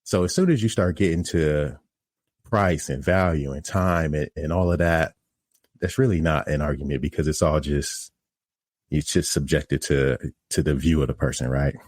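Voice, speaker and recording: Very deep-voiced man telling a candid story. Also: normal speed, darkish tone, dry recording, studio quality. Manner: candid, self-critical, conversational. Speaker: podcast host and pizza restaurant operator. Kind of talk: casual storytelling monologue.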